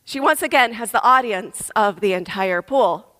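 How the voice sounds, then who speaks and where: A woman in her thirties preaching a sermon, telling a story in a lively way. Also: medium pitch, moderate pace. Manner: lively storytelling, acts out voices. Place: church. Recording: long reverb of a large hall.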